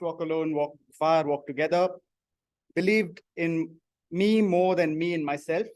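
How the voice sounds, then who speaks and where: A man's voice: a little high, darkish tone. A man giving the grammarian report at a club meeting, reading out phrases he noted, with a few hesitant fillers. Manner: reads out quoted phrases, some hesitant fillers.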